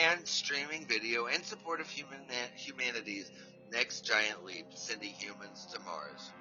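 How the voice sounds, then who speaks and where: A man's voice: medium pitch, pushed and bright, dull audio. A man hosting a casual live podcast, rambling, restarting his sentences and apologizing as he goes. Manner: rambling, apologetic, talks to his dog mid-show. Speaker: podcast host. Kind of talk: casual live-stream chat.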